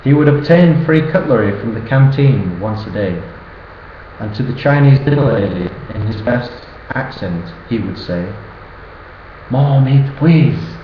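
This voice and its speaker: A man's voice: fairly low pitch, animated, normal speed, slight background noise. Young guy doing a jokey birthday poem, roomy echo, dull muffled sound. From northern England. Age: early 20s. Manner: cheeky, sing-song rhyming delivery. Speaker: best friend giving a birthday toast. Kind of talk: reciting a humorous rhyming poem.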